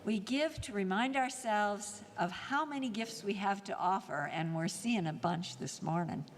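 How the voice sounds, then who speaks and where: A woman serving as lay worship leader, reading the offertory invitation in a measured, formal way in a church sanctuary. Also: medium pitch, slight background noise. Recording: reverberant church hall, faint ambience.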